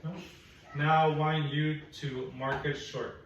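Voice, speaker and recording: A man teaching phonics one on one, patient and encouraging, slowly repeating sounds for a young learner in a classroom. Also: fairly high pitch, level tone, muffled recording, a little hiss or hum. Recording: echoey room, mic at a distance.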